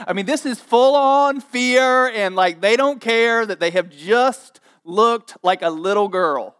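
A man with a high voice preaches a sermon with plenty of energy. He jokes with his listeners and acts out the people in the story in a playful, animated way. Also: unhurried, few pauses, clean tone. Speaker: pastor.

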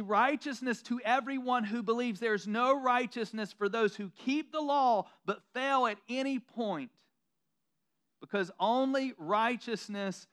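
A male preacher gives his sermon conversationally, joking at his own expense and voicing mocking asides as quotes. His voice is high and a bit bright.

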